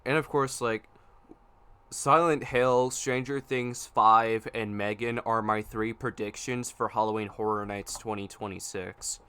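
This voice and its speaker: A man's voice: lowish voice, steady tone, unhurried, sharp tone, clean tone. A man co-hosting a casual podcast, talking eagerly about upcoming films and theme park events. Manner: enthusiastic, makes predictions, frustrated by tech issues. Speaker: podcast co-host.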